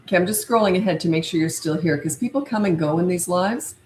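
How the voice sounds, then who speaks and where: An older woman parenting coach, her lowish voice fast and darkish in tone, fields viewer questions on a live stream with blunt, firm, repetitive phrasing. The rough recording picks up an echoey room and slight background noise.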